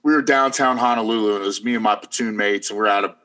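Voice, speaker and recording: Low-voiced man telling rambling stories. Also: quick pace, fairly bright tone. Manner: rambling storyteller, many fillers. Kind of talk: casual storytelling chat.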